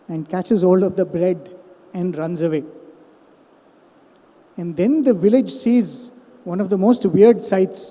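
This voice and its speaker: A man's voice: sits high, warm tone. A man giving a devotional talk, telling stories and asking the audience questions. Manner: storytelling, asks the audience questions. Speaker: spiritual speaker. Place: satsang hall. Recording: long reverb hall.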